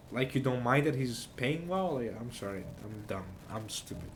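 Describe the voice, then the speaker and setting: A man's voice: medium pitch, lively intonation, normal speed, hardly any pauses. Half drunk guy rambling and stumbling thru a game at night, faint hum behind. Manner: rambling, stumbling, self-mocking. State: tipsy. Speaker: gamer playing a narrative game. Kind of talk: casual gameplay commentary.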